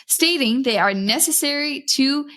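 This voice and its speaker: Bright-voiced American woman podcast host. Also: sits high, animated, a little slow. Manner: chatty, laughs often, loses her thread. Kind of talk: casual news chat.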